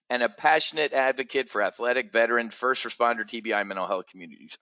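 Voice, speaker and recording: A middle-aged man hosting a trading community, telling a casual story in an animated way, swearing freely and jumping up high when he acts out other people. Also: fast, hardly any pauses, dry recording, highs cut off.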